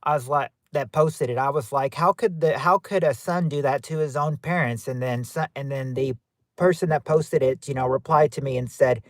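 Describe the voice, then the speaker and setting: A man's voice: mid-range voice, normal speed, dry recording, studio quality. A man hosting a livestream, chatting casually with viewers in a rambling way and restarting his sentences often. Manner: rambling, repeats himself with many restarts. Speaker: livestream host. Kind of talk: casual chat reading live chat.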